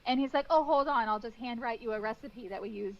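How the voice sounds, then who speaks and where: A woman in her thirties, a guest cake decorator in a casual interview, telling lively stories and acting out what people said. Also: a little high, fast, gravelly, dull audio. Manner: animated storytelling with acted-out quotes and laughs.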